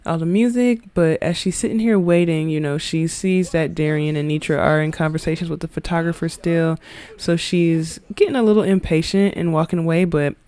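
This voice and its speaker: A woman's voice: fairly low pitch, warm tone, smooth, no echo. A woman giving casual let's-play commentary on a life-sim game, chatty, slangy and giggly. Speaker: gaming video creator.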